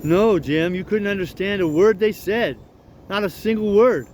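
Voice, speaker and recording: A man's voice: sits high, moderate pace, darkish tone, slight background noise, lightly acted. A man reading an audiobook, voicing a clever young runaway boy who explains things patiently in plain dialect. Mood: explaining.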